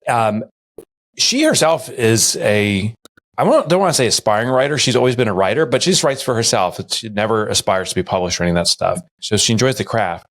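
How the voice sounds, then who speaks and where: A man co-hosting a podcast, telling stories in casual chat and mimicking others in a high voice. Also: animated, fairly quick, a bit bright. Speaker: podcast co-host.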